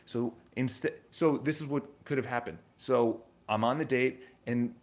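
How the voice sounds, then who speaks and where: A man's voice: mid-range voice, normal speed. A man in his thirties delivers a loose motivational monologue, jumping from one story to the next. He talks casually and swears at times. He often stumbles, restarts and repeats words before pushing on. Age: 30s.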